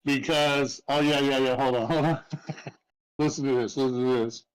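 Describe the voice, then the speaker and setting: An excitable man in casual chat with gaming friends, quick to laugh. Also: mid-range voice, clean tone, low-quality recording.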